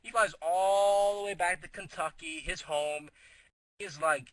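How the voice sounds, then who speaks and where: A young man loudly telling a rambling, improvised nonsense story, stammering and acting out the characters as he goes. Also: high voice, unhurried, dry recording. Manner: loud, giddy, stammering, acting out characters in quotes.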